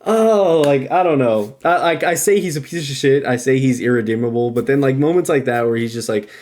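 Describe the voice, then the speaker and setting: Male podcast co-host, mid-pitched, venting hard on a film, cursing freely, swinging loud and low. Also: brisk. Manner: heated, profane, swings from loud to low and back. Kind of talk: casual ranting movie review.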